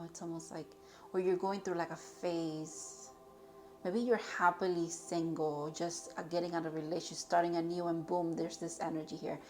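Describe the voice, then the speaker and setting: A woman's voice: fairly low pitch, darkish tone. A young woman giving a casual tarot reading to her viewers, rambling and chatty with many fillers and restarts. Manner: chatty, rambling, with frequent fillers and self-corrections. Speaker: tarot reader.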